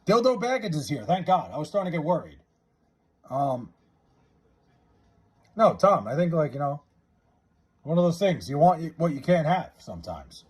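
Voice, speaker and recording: Guy streaming from home, slightly high voice, husky, swears a lot, bounces all over in pitch. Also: very animated, darkish tone. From New York area. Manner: loose and profane, drawls joke names slowly. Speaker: livestreamer. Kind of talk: casual live stream chat, reading viewer comments. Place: his house.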